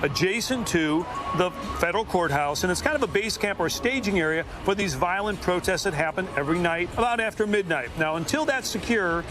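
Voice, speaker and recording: A man working as a news correspondent, giving a measured field report from outdoors in a city. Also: high-pitched.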